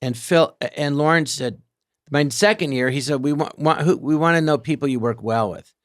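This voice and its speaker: A man telling stories as a guest on a live podcast, animated and quick to slip into character voices. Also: on the high side, no room sound, clean studio sound. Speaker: guest comedian. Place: theater stage.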